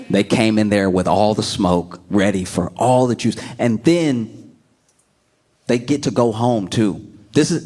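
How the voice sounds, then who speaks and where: A man performing a stand-up comedy set, telling stories animatedly and slipping into quick voices. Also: lowish voice, a little mellow.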